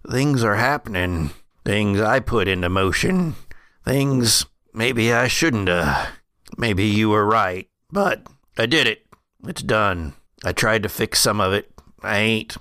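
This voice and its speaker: A man voicing an old, battered older brother with a slow, gravelly drawl. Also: fairly low pitch, lively intonation, pushed and bright, no room sound, studio quality, voice pushed down, heavily acted. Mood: urgent.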